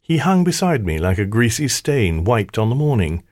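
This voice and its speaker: A man's voice: mid-range voice, sing-song, normal speed, darkish tone, no echo, studio quality. A man reading a fantasy audiobook aloud, telling the story in the first person in a wry, theatrical way. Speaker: audiobook narrator. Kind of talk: scripted audiobook narration.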